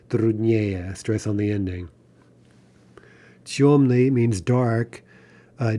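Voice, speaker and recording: A man teaching a recorded grammar lesson, explaining step by step, checking in with "right?" and reading example words slowly. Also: on the low side, dark tone. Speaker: language teacher.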